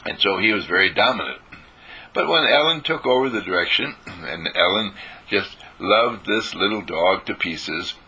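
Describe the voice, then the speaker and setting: His voice sits low, with lively intonation, normal speed and a sharp edge, as he shares stories in an informal spiritual talk, repeating lines for emphasis and sometimes clearing his throat.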